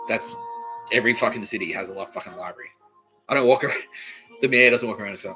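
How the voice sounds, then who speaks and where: A man's voice: mid-range voice, racing, highs cut off, over music. A man hosting a podcast, telling a profane comic story in a ranting voice and laughing at his own jokes. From Australia. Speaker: podcast host.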